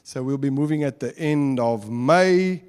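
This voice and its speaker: A man's voice: mid-range voice, unhurried, darkish tone, clear, resonant tone. A man with an Afrikaans South African accent preaching a chatty sermon, joking with the congregation and slipping between English and Afrikaans. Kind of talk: conversational sermon. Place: church hall. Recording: long church hall reverb.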